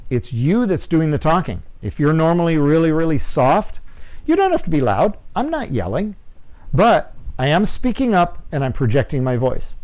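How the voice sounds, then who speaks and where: A man's voice: a little high, a little mellow. A man teaching a video production lesson. He talks into a clip-on mic in a small studio, repeats his words, and keeps checking in with his students. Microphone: clip-on lapel mic.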